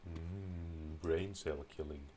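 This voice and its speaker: A man's voice: very deep voice, steady tone, slow, warm tone, slight background noise. A man streaming a game, rambling sarcastically in a mock-pompous put-on voice, close to his microphone. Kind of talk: casual gaming commentary. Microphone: close desk microphone.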